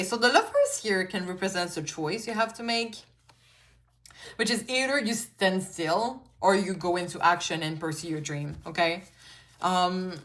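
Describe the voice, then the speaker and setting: This pick-a-card tarot reader, a woman whose first language is French, keeps things casual and chatty, with lots of swearing and "like" and "you know" fillers. She speaks in a mid-range voice with a fairly bright tone.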